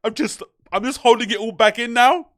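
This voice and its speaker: A man putting on the voice of a whiny, self-pitying rich male podcaster, talking softly in a simpering, mock-tearful way. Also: very high voice, a little fast. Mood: mock weepy. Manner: soft, simpering, mock crying.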